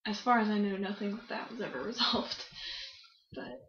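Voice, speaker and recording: A woman's voice: medium pitch, steady tone, normal speed, vocal fry, fairly bright tone, slight background noise. A young woman telling a story in a casual interview, chatty and laughing often, with plenty of fillers. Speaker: guest. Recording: roomy, muffled recording.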